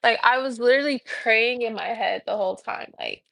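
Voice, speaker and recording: Animated woman vlogger, gravelly voice. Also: a little high, fairly quick, no echo. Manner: animated, exasperated, swearing, many fillers. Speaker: massage therapist. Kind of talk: casual livestream storytelling.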